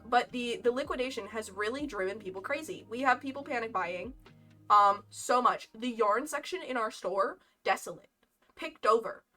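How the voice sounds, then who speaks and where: A woman's voice: on the high side, bright, forceful tone, far from the mic. A young woman streamer telling a casual story, chatty and rambling with frequent laughs. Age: young adult. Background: lo-fi game music.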